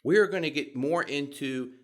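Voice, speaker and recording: A middle-aged man with a Southern US accent, teaching voice technique in a calm, measured, deliberate way. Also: medium pitch. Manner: calm, measured and deliberate, demonstrating vocal examples. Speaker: voice coach. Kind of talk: instructional talk.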